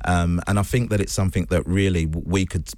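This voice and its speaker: Low voiced guy talking earnestly, dry close sound. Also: steady tone, a little fast, a little mellow, no echo. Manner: earnest, thoughtful. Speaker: guest. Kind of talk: casual radio chat.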